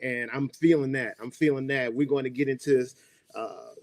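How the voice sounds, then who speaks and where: A man hosts an online arts event in a relaxed, encouraging manner, dotting his speech with fillers. His voice sits in the middle range. The sound is dry and close, as if over a video call. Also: medium pitch, moderate pace, dry recording. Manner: laid-back, hype, lots of fillers. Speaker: host. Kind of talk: casual hosting.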